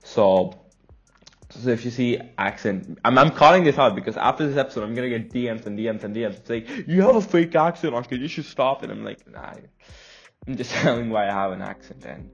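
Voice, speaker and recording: A man's voice: lowish voice, a little fast, muffled recording, faint music behind. A young man from India with an American-leaning accent, hosting a casual solo podcast in a chatty, rambling, self-conscious way. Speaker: podcast host.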